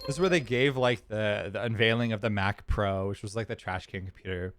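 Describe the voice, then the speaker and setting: A man from California chats casually on his stream, rambling through a personal story as he clicks around. His voice sits on the low side, and the sound is close and dry with no room echo. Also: a little fast, few pauses, faint music behind. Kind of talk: casual chat.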